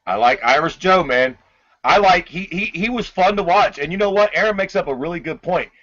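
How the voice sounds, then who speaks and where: A man's voice: sits high, lively intonation, fairly quick, a bit bright, highs cut off. A man co-hosting a podcast, giving blunt, profane opinions in casual sports banter. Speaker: podcast co-host.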